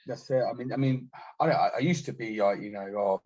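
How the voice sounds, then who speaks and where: A British army veteran telling war stories in a casual, blunt and sweary way, acting out what others said. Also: male voice, medium pitch, fairly quick, darkish tone. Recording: dull lo-fi podcast audio.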